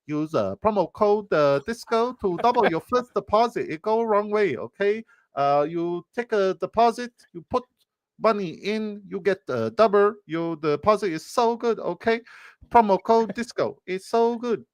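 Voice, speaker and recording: A man doing a shrill, squeaky male sales pitchman in a mock ad read on a livestream, with clipped hard-sell delivery. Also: lively intonation, moderate pace, no echo. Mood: mock hype.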